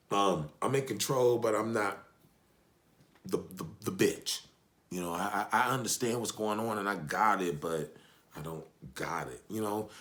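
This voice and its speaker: Brief: male recap vlogger, low-ish voice, animated, profane and joking. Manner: animated, profane, joking, asides to his wife. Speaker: TV show reviewer. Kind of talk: casual recap chat.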